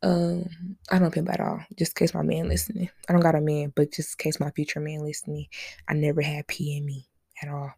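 A woman's voice: low voice, level tone, a little fast, gravelly, mellow, husky, dry recording, clean studio sound. A young woman hosting a solo podcast, chatting casually with lots of slang, rambling asides and frequent laughs. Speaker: podcast host.

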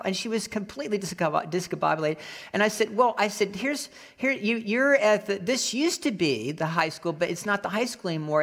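A male pastor delivering a sermon, telling a personal story with animated acted-out voices. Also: high-pitched. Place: Florida.

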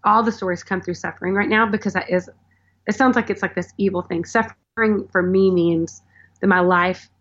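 A woman's voice: mid-range voice, steady tone, moderate pace, a bit bright. A woman in her thirties talking earnestly about her faith as a guest, rambling a little and saying "like" often. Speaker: podcast guest. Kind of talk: casual faith conversation. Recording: slightly dull lo-fi sound.

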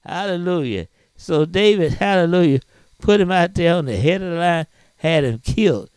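A man's voice: on the high side, expressive, normal speed, a little mellow, clean tone, no room sound. A man preaching a sermon as pastor, peppering his telling with amens and hallelujahs and rising into dramatic cries.

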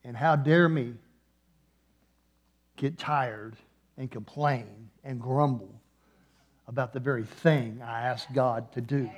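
A man preaching a sermon in a church, moving between hushed, slow passages and loud, passionate peaks. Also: mid-range voice. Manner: impassioned, swings from hushed to loud. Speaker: guest preacher.

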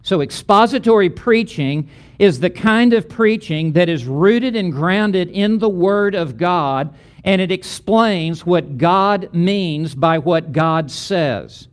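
A middle-aged man gives a preaching lecture in a high-pitched voice. He speaks slowly and deliberately, stacking emphatic, rhythmic lists of repeated phrases. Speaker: seminary teacher of preaching.

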